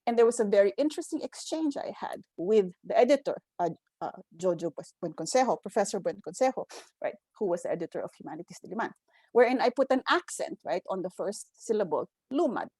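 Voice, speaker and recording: A woman's voice: mid-range voice, expressive, fast, dark tone, breathy edge, dry recording. A Filipino woman in her fifties, an anthropologist on a roundtable panel, telling stories and often adding "right?" while mixing in Tagalog phrases. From Philippines, grew up in Quezon City. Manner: frequent "right?" tag questions, mixes in Tagalog phrases. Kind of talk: academic roundtable talk, storytelling.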